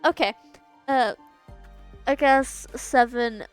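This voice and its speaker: High-voiced woman streamer, chatty. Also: slow pace, smooth. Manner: chatty, stumbles over long words, laughs at herself. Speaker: game streamer. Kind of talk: casual chat while reading game dialogue aloud. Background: faint game music.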